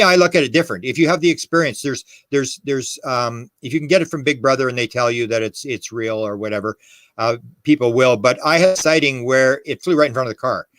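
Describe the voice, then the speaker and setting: Here a man of medium pitch and slightly bright tone talks as a guest on a podcast, drawing on his background as a UFO historian. The conversational storytelling is animated, emphatic and wandering, with quoted speech and restarts, captured in a dry recording.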